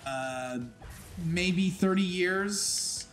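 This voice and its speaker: A man's voice: high voice, drawn-out words, a bit bright, soft background music. A young man from Staten Island, teasing and skeptical as he chats casually during a game. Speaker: gaming channel co-host. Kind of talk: casual gaming banter.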